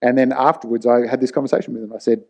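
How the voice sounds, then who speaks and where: A man's voice: medium pitch, steady tone, very fast, vocal fry, warm tone, lo-fi sound. A man in his forties, a leadership speaker telling personal stories in a frank, casual and blunt way. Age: 40s. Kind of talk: candid personal talk to camera.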